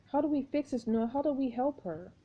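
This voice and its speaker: A woman's voice: high voice, animated, fairly quick, voice pushed up. A woman voicing a frightened teenage heroine in a story game, urgently pleading with a friend. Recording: dull lo-fi recording.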